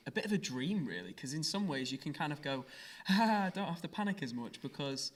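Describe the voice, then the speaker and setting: A man's voice: fairly high pitch, big pitch swings, a little fast. Conversational male podcast host. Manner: conversational, lots of fillers like "kind of". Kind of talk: casual podcast interview.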